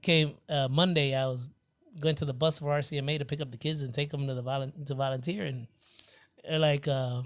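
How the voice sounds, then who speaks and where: A man telling lively stories in casual chat, acting out other people's lines and saying "bro" a lot. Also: medium pitch, fairly quick. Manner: animated storyteller acting out quoted voices, says "bro" often. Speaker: guest DJ. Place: nightclub.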